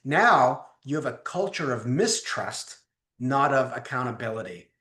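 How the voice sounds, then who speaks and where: A man's voice: medium pitch, measured pace. A man, a guest leadership teacher, telling stories in conversation and acting out the voices of the people in them. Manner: animated, acts out voices in his stories. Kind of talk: conversational storytelling. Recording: roomy echo.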